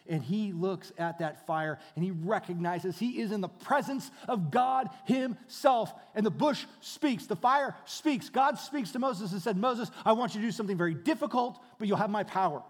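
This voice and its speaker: A man preaching a sermon, shifting between hushed, quiet passages and loud, animated storytelling. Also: high-pitched. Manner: dynamic preaching, dropping to hushed tones then rising loud. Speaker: pastor. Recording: long hall reverb.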